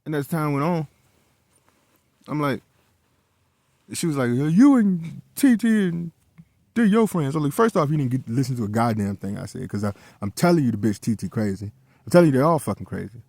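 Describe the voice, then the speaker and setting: A man's voice: medium pitch, expressive, a little fast, gravelly, pauses often, darkish tone, dry recording. A man telling a personal story in a casual, heated monologue, swearing often and repeating himself as he goes.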